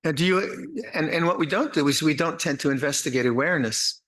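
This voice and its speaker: An older man giving a dharma talk at a meditation retreat, speaking slowly and haltingly, with many restarts and a gentle, wry humor. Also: on the high side, animated, poor audio. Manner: slow, halting, many repeated words and restarts; gentle, wry, laughs at his own jokes. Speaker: meditation teacher.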